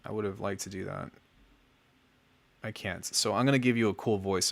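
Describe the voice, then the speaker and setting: A man's voice: lowish voice, normal speed, a bit bright. A young man chatting casually on his livestream, giving friendly feedback on music with lots of fillers. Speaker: music producer streaming feedback.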